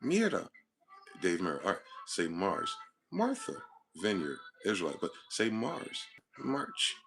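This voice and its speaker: A man's voice: deep voice, sing-song, moderate pace. A man hosting his own channel, talking alone in a rambling, profane monologue built on wordplay. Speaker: channel host. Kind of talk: solo monologue to camera.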